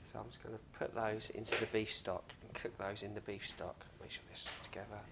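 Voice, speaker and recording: A man's voice: on the low side, little pitch movement, fairly quick, creaky, background noise. A man hosting a casual cooking demonstration in a home kitchen, chatty and joking with self-mocking asides. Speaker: cooking show host.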